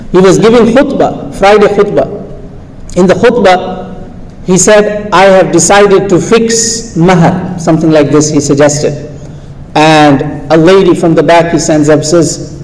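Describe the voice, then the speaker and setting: A man preaching a sermon to an audience, telling stories with animated delivery and acting out the quoted voices. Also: fairly high pitch. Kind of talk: sermon storytelling. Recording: reverberant hall with faint background noise.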